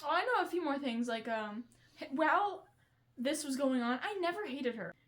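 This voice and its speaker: A woman's voice: sits high, expressive, moderate pace. A young woman hosting a casual chat, telling a school story in a chatty way, swearing and laughing often. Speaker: vlogger host.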